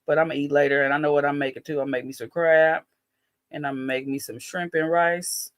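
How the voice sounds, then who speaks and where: A man's voice: mid-range voice, fast talker, no room sound, clean studio sound. A man hosting a livestream, chatting loosely and profanely straight to his viewers. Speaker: livestream host. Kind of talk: casual livestream chat.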